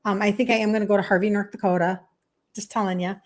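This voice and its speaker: A health coach in her fifties chats to her viewers in a casual monologue, emphatic and laughing often. She talks fast in a mid-range voice with little pitch movement.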